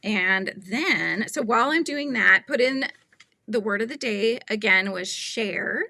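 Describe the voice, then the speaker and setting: A woman's voice: mid-range voice, a little slow, vocal fry, pushed and bright, no echo. A woman from the United States, a children's book author chatting casually on a live stream, rambling and laughing often.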